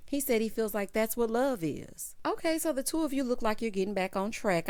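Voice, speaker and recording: A chatty woman with features gives a reality TV recap. Her speech is sassy and conversational, with plenty of asides and "honey" thrown at the people on the show. Her pitch sits in the middle range for a woman. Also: lively intonation, a little fast, hardly any pauses. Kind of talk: casual commentary recap.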